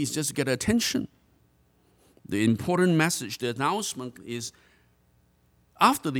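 An earnest male pastor delivering a sermon. His pitch sits in the middle range, and he draws out the words he wants to land. He sometimes stumbles and restarts a phrase as he presses his point. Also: sing-song, creaky, a bit bright. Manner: earnest, drawn-out emphasis on key phrases; repeats and restarts words while preaching.

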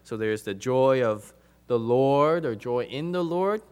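A man preaching a sermon to his congregation, emphatic, repeating phrases for stress and moving between loud and soft passages. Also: mid-range voice, lively intonation, measured pace, clean tone.

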